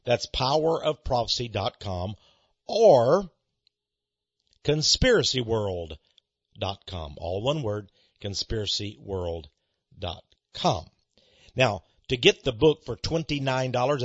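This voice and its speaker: A man with a Texas accent hosts a radio show in a folksy, emphatic preaching manner. His voice swoops from low drawn-out words up into excited high runs. The sound is dry and dull, like an old lo-fi radio broadcast. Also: no room sound. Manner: folksy, emphatic preacher-like delivery with dramatic rises. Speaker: radio ministry host. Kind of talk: radio talk with on-air ad.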